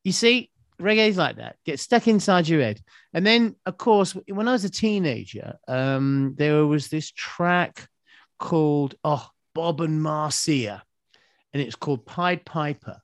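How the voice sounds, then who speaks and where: A playful male singer chats on a video call, his voice swooping up and down with lively energy. He hums and sings bits of tunes between his sentences. The sound is dry and close. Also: fairly high pitch, a little slow, no echo. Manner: playful, breaks into humming and song. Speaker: singer and guest. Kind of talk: casual chat on a video call.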